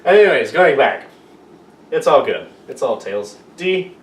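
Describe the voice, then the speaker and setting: A man's voice: mid-range voice, very animated, a little slow. A man giving a casual, joking lesson on a made-up alphabet, rambling and poking fun at himself. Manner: rambling, self-mocking, playful. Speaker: amateur video teacher. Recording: roomy echo, far from the mic, faint room noise.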